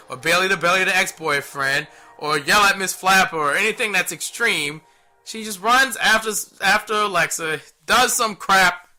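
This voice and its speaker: Bright, ranting male wrestling reviewer. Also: high-pitched. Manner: ranting, exasperated, blunt. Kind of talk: solo opinion commentary.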